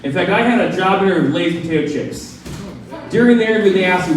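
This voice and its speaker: A man's voice: high-pitched, lively intonation, fast talker, distant mic. A man doing a stand-up comedy set with easygoing, self-deprecating jokes. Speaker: stand-up comic. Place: small comedy club stage. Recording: echoey room miked from afar.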